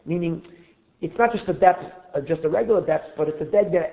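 A man's voice: on the high side, fast talker, vocal fry. A man teaching a Torah class, weaving Hebrew terms into English and translating each, and building to emphatic, fervent passages. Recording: tinny phone-like recording.

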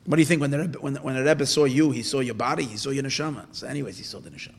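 Teaching Torah through a story, a man speaks in a creaky, medium-pitched voice. He stumbles and restarts often, and he raises questions that he then answers himself.

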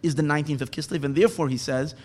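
A man's voice: fairly high pitch, steady tone, very fast, a little mellow, in a large hall. A man giving an impassioned Torah class as a rabbi, speaking emphatically and mixing in Hebrew and Yiddish terms. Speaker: rabbi teaching Hasidic thought.

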